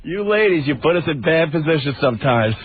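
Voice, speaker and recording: A man co-hosting a radio talk show, reacting with quick interjections and short questions. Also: fairly high pitch, expressive, husky. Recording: tinny phone-like radio audio with noise.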